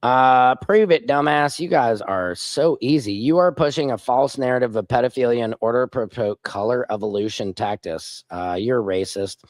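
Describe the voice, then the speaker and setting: A man's voice: medium pitch, normal speed, hardly any pauses, no room sound. A man hosting a casual political livestream, reading viewer comments aloud and mocking and taunting his critics. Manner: combative, mocking, reads chat comments aloud. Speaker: livestream host.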